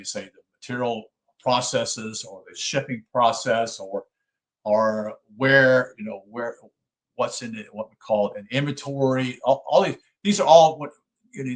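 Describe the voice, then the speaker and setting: A male channel host reads passages from a book at a middle pitch. Between passages he breaks off to explain them in his own halting words, with filler sounds and sentences that restart partway through. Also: poor audio. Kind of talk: book reading with spoken commentary.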